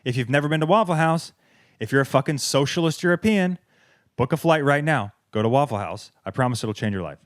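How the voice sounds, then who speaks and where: A man's voice: mid-range voice, lively intonation, a little fast, no echo, studio quality. A man, hosting a podcast and ranting sarcastically with heavy swearing. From American South. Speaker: podcast host. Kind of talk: comedic rant. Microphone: wireless clip-on mic.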